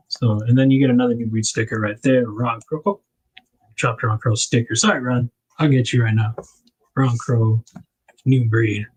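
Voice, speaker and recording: A man's voice: mid-range voice, darkish tone, slightly rough, rough recording. A man hosting a casual livestream, rambling and correcting himself with little laughs as he packs things up. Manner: narrates while packing items. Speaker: livestream host.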